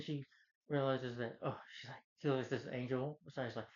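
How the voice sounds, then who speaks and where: In a relaxed review, a male film reviewer wanders through a movie's storyline, leaning heavily on filler words. His pitch is ordinary, his intonation fairly even, and his pace fairly quick with a slightly mellow quality, all captured on a dull, lo-fi recording.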